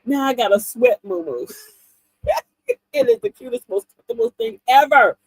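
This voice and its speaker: Laughing and chatty, a middle-aged livestream host tells animated stories in casual conversation. She speaks at a moderate pace in a high-pitched voice with vocal fry. The livestream mic recording is rough, with no room sound.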